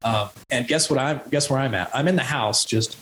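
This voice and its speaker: A man in his thirties tells a rambling personal story as a podcast guest, his voice sitting in an ordinary middle range. He talks raw and unpolished, with restarts and sudden shouted quotes. A faint hiss runs under the recording. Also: medium pitch, moderate pace, rough recording.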